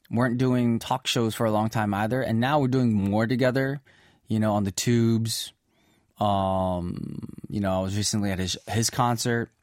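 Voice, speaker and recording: A radio host with a mid-range voice chats casually and playfully while reading listener messages, tossing in plenty of "mm-hmm" and "y'all" asides. The recording is dry and studio quality.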